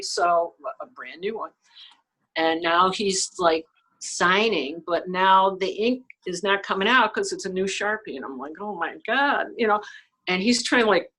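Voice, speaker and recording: A woman's voice: mid-range voice, poor audio. A woman photographer, a guest on an interview show, telling a story casually with frequent laughs and acted-out quotes. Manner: lively storyteller, laughs often, acts out quoted lines; frequent "you know" and "okay" fillers.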